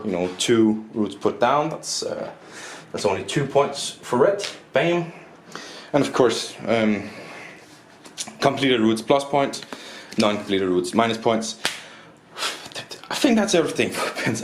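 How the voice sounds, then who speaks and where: A man, a board game reviewer rambling casually through the rules and his opinions, often restarting his sentences. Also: on the low side. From Denmark. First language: Danish. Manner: rambling, restarts often, self-deprecating asides. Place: indoors at a table. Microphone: camera mic, self-recorded. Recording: roomy echo, faint background noise.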